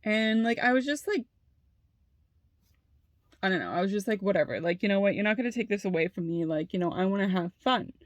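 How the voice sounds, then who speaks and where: A woman's voice: mid-range voice, lively intonation, a little fast, long pauses, dry recording. A young adult woman telling a personal story in a casual monologue, heated, with lots of "like" and frequent swearing. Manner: heated, fills talk with "like" and swears freely.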